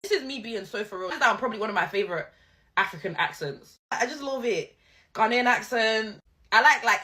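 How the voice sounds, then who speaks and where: A woman's voice: a little high, lively intonation, a little fast, sharp tone. A woman chatting casually, effusive and bubbly. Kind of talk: casual gushing chat.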